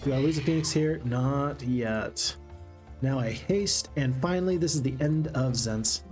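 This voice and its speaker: A man streaming a strategy game, chatting excitedly to his viewers. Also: medium pitch, unhurried, over music. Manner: excitable, chatty, talks to chat. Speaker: gaming streamer. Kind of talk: live game commentary.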